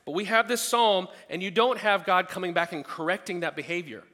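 Bright-voiced man preaching in a hall. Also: high-pitched, fairly quick, few pauses. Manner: conversational, rising to emphatic peaks. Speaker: pastor. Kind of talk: sermon.

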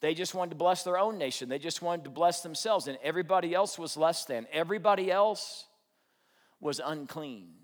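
A man's voice: fairly high pitch, moderate pace, in a large hall. A man preaching a sermon, reading scripture and explaining it with rhetorical questions to the congregation. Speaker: pastor.

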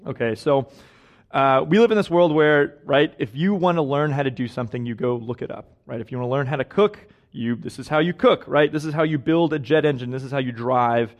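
A young man gives a sermon in a church, his pitch sitting in the middle of the range. His delivery stays chatty and loose. He pokes fun at himself as he tells stories from his own life. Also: a little fast, lo-fi sound. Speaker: guest preacher. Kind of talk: casual conversational sermon. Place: church sanctuary.

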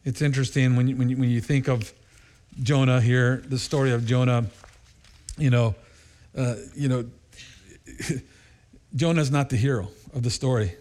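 A middle-aged man preaches a sermon as pastor at normal speed, pausing often. He tells stories energetically, switching to high voices for quotes and laughing a lot.

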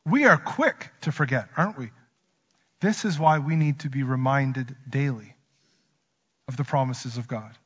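A male pastor preaching a sermon, swinging from quiet slow emphasis to loud, urgent rises. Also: mid-range voice, husky. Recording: dull audio with long hall reverb.

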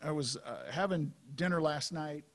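A man preaching a sermon as pastor, in a conversational, unhurried way with frequent fillers. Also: on the high side, animated.

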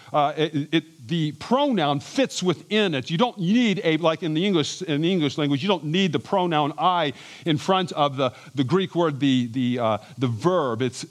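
Animated male pastor preaching a sermon. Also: on the high side. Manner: animated, emphatic, with chuckles and restarts. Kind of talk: expository sermon.

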